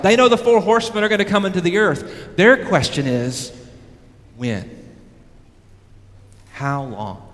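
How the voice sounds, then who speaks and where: Man preaching in a reverberant hall. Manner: emphatic preaching, rising to loud peaks and dropping low. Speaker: pastor. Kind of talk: sermon. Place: church sanctuary. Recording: long reverb of a church hall.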